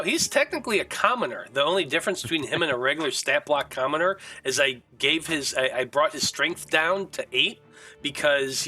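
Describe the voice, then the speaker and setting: A man's voice: mid-range voice, pushed and bright, poor audio. A man narrating as game master of a tabletop game in a casual, hesitant way with fillers.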